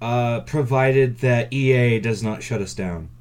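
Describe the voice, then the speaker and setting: A man's voice: mid-range voice, measured pace, a little mellow, clean tone. A man co-hosting a casual gaming podcast, hesitant and self-mocking, stumbling over his words. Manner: hesitant, lots of fillers and restarts, self-mocking. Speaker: podcast co-host.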